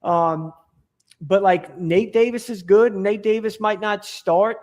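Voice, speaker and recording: A man's voice: sits high, steady tone, measured pace, a little mellow. A man talking as a podcast guest in casual chat, rambling and enthusiastic, with many restarts and fillers.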